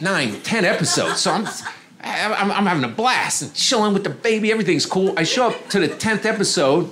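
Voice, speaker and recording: Male comic on a club stage, talky and loose, drops his voice low for other people's lines. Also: a bit bright. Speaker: stand-up comedian. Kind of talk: stand-up storytelling. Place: comedy club stage with audience.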